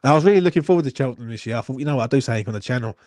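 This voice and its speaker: Sweary bloke rambling on a stream. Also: male voice, medium pitch, animated, very fast, darkish tone, no room sound, clean studio sound. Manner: rambling, sweary, self-mocking banter. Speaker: watchalong host. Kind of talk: casual live-stream chat. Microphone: phone.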